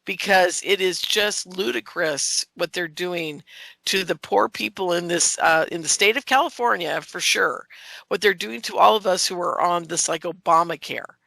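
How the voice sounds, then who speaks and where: An American woman in her sixties talks straight to her viewers in a rambling, indignant monologue. Her voice is gravelly and has a bright, sharp edge. The sound is dry and close, with no room around it. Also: on the low side, normal speed, dry recording, low-quality recording. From United States. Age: 60s. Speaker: show host. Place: California.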